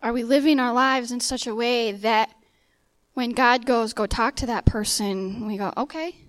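A woman's voice: a little high, steady tone, normal speed, dry recording. A young adult woman giving a sermon-style talk, telling a personal story and acting out the dialogue in quoted voices. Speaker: speaker sharing a testimony.

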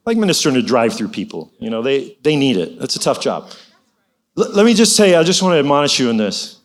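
His pace is quick and his medium-pitched voice swings sharply up and down. A middle-aged man, he tells his faith story like a casual sermon, urging listeners and dropping in "you know" again and again.

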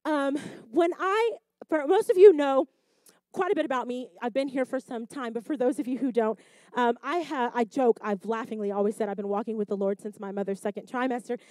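A woman preaching a sermon, who builds to loud emphatic repeated phrases and then drops to soft, reflective asides. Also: a little high, a little fast, no room sound.

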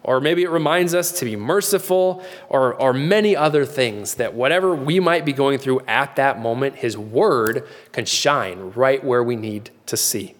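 A man's voice: medium pitch, moderate pace, few pauses, in a large hall. A middle-aged man preaching a sermon in an earnest, conversational way, often restarting his phrases. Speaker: pastor.

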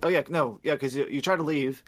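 A male podcast host with a higher-pitched voice casually recaps a video game's story, rambling, swearing, and laughing as he acts out characters through quick paraphrase. There's no room sound.

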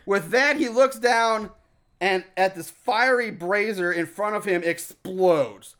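A man co-hosting a casual podcast, recapping a movie scene by scene in an animated, profane way and laughing often. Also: sits high, slow pace. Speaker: podcast co-host recapping a film. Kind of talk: casual chat.

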